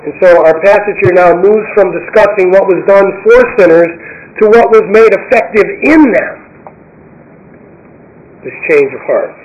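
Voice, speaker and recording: A man preaching a sermon, emphatic, repeating key phrases and slowing down to read scripture. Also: high voice, a little mellow, lo-fi sound. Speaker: pastor.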